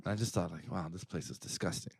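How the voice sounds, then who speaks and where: A man's voice: sits low, fast, gravelly, breathy edge, dry recording, studio quality. A man co-hosting a podcast, telling rambling, profane stories in casual chat and laughing often. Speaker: podcast co-host.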